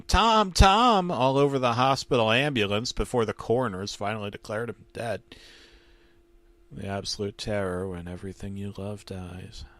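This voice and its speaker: A man narrating a comedic creepypasta in a deadpan, mock-serious horror tone. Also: on the low side, dry recording.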